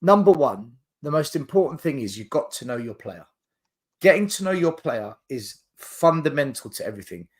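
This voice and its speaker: A man co-hosting a casual football podcast, explaining his points step by step with lively emphasis. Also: a little high, normal speed. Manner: animated, explains in numbered points. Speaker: podcast co-host.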